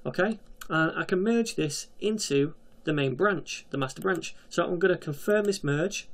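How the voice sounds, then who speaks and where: A man's voice: fairly high pitch, moderate pace. A man hosting a screen-recorded coding tutorial, talking casually through each step with jokey asides.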